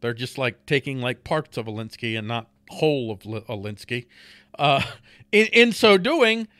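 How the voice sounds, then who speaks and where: A man with a bright, forceful voice sits close to the microphone in a dry, dead room, ranting about politics. He swears freely and gets heated, stumbling over and repeating his words, and breaks into short laughs between points. His voice sits a little high for a man. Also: no room sound. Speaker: podcast host. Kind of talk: profane political rant.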